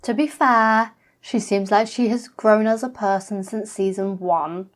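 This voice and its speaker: A woman's voice: medium pitch, steady tone, unhurried. Blunt woman reacting to TV. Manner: blunt, swearing, chatty commentary. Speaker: reaction vlogger. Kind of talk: reacting to a reality show.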